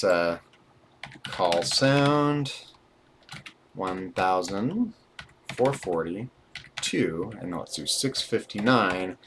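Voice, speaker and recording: A man's voice: on the low side, slight background noise. A man reading from a programming book aloud and dictating numbers as he types them, thinking aloud with dry asides. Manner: reads book passages, then dictates numbers while typing. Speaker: instructor working through a programming book. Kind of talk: live-streamed coding lesson, reading aloud and typing. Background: keyboard typing.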